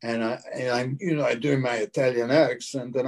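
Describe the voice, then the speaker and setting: A lively older actor with an Australian accent, appearing as an interview guest, rattles off anecdotes and mimics the people in them. His medium-pitched voice is fairly quick, with hardly any pauses.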